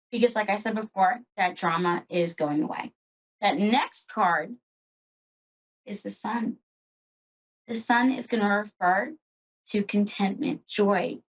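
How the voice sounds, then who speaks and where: A woman's voice: mid-range voice, slightly rough. A woman hosting a psychic show, giving an emotional and chatty tarot reading.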